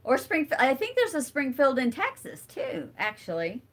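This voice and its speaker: A woman's voice: high-pitched, wildly swooping pitch, moderate pace, a bit bright. A middle-aged woman hosting a casual livestream, chatting with viewers and answering comments while she crafts, rambling and thinking aloud with lots of fillers. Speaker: livestream host.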